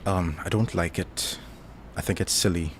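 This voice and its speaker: A man hosting a casual chat stream, answering viewer questions in a relaxed, thoughtful way with frequent fillers. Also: deep voice, moderate pace, slight background noise.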